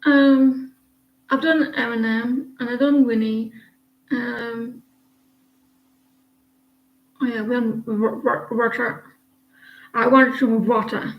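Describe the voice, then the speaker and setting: A woman's voice: fairly high pitch, little pitch movement, slow, long pauses. A woman giving casual live tarot readings, talking hesitantly with many fillers and restarts. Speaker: tarot reader. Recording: dull lo-fi sound.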